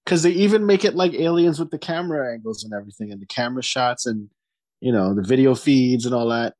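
A man's voice: medium pitch, quick pace, darkish tone, no echo. A man co-hosting a podcast, joking about a TV episode in casual chat and acting out quotes. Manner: jokey, acts out quotes. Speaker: podcast co-host. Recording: dry sound.

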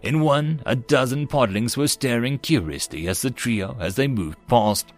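A man narrating a web novel audiobook in an animated storytelling manner. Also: mid-range voice, normal speed, soft background music.

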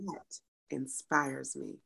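A woman triathlete guest in a casual interview, animated and laughing easily. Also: very deep voice, takes it slowly, gravelly, slightly rough. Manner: animated, laughs easily, swings loud to soft.

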